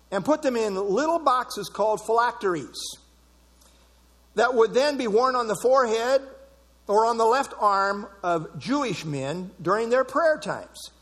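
In a large hall where his voice rings with long reverb, a high-voiced man preaches an emphatic expository sermon. His tone is a bit bright, and he repeats key words for stress.

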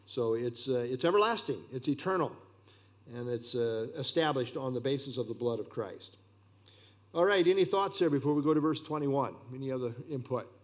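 A man teaching a verse-by-verse Bible study, unhurried, with plain explanations and frequent "uh" fillers. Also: mid-range voice, lively intonation.

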